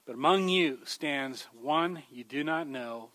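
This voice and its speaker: A man's voice: a little high, takes it slowly, bright, forceful tone. A man preaching a sermon in a conversational way, calling his listeners folks and growing more emphatic as he urges them. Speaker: pastor.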